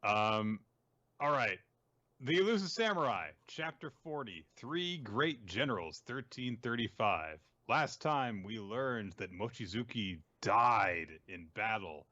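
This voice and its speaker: A man hosting a casual podcast, recapping comics with a relaxed, chatty manner, lots of fillers and laughs. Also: lowish voice, takes it slowly, no room sound, muffled recording. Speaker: podcast host. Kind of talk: casual chat recapping manga.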